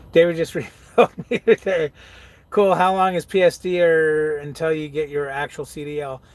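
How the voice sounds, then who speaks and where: A man's voice: on the high side, flat delivery, a little slow, no room sound. A truck-driving man in casual live-stream chat, laid-back, laughing often and reading viewer comments aloud. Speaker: truck driver vlogger.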